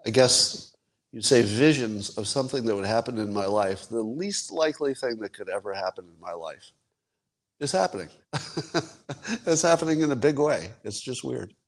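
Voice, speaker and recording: A man in his sixties hosting his own podcast, musing wryly in casual solo commentary with chuckles and sudden jumps in pitch for emphasis. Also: darkish tone. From United States. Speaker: podcast host.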